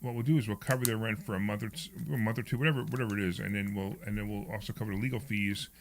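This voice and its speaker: A man's voice: lowish voice, steady tone, very fast, a crowd in the background. A middle-aged man hosting a casual radio talk show, emphatic and repeating himself as he talks.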